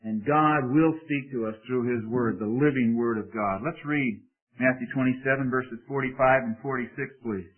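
A man delivers a sermon with earnest humility, leaning hard into the words when he reads scripture. His voice sits at a middling pitch. The sound is thin and boxy, like a phone line. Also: normal speed. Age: adult parent. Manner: earnest, humble, with emphatic scripture reading. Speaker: preacher.

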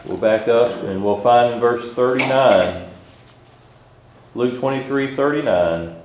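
A man preaching a sermon at a middle pitch. He reads scripture in a slow, measured way, and his voice rings in a reverberant room. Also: noisy background. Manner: reads scripture aloud in old-style wording, slow and measured. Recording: echoey room.

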